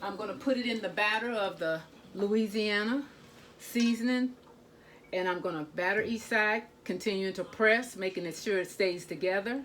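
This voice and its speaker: A woman's voice: mid-range voice, moderate pace, a bit bright, slight background noise. A woman, chatting with her viewers while she cooks in her home kitchen. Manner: chatty, talks to viewers as "y'all" and "guys". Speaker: cooking vlogger. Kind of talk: casual kitchen vlog.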